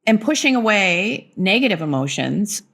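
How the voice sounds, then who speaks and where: A woman in her fifties talks candidly as a podcast guest. Her pitch moves up and down freely, giving her stories a lively, animated feel. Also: moderate pace, gravelly. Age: 50s. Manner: expressive, swooping intonation. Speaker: guest, company founder. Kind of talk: casual conversation.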